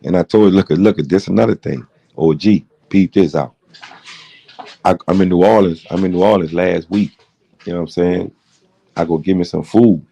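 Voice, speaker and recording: A man's voice: low-pitched, steady tone, a little fast, gravelly, dark tone. A middle-aged man hosting a late-night livestream, rambling through a heated, profane story. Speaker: livestream host.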